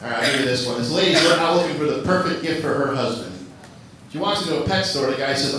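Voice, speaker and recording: Profane stand-up comic in an echoey club. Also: male voice, a little high, quick pace, fairly bright tone. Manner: loose, profane, crowd-teasing. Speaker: stand-up comedian hosting open mic. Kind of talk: live stand-up comedy. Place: comedy club. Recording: echoey club, far from mic, audience noise.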